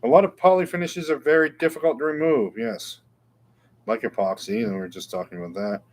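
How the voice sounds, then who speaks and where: A man's voice: medium pitch, steady tone, fairly quick. A middle-aged man, hosting a casual live guitar Q&A with rambling, self-deprecating chat. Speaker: guitar shop show host.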